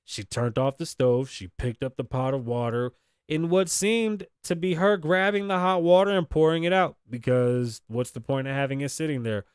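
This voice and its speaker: A man's voice: mid-range voice, normal speed, smooth, no echo, studio quality. A man hosting a podcast, giving blunt, indignant commentary on the news, swearing freely and acting out the lines of the people in the story. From Las Vegas. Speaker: podcast host.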